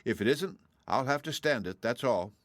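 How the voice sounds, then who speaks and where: A man's voice: mid-range voice, expressive, moderate pace, fairly bright tone, dry recording, studio quality, voice pushed up. A man reading the part of a young girl, earnest and plucky, in a raised voice.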